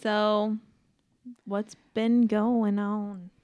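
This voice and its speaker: A woman co-hosting a casual podcast chat, playful and quick to laugh. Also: medium pitch, level tone, a little mellow. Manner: giggly, playful, laughs often. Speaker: podcast co-host.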